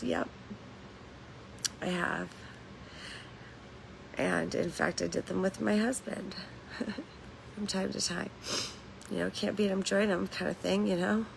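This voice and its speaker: A woman hosts a casual livestream from home, her voice on the low side and creaky over a noisy background. She rambles candidly, swears freely, and laughs between lines.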